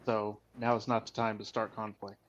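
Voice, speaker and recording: A man playing a character in a tabletop game, speaking calmly and in a measured way. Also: fairly low pitch, highs cut off. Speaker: player.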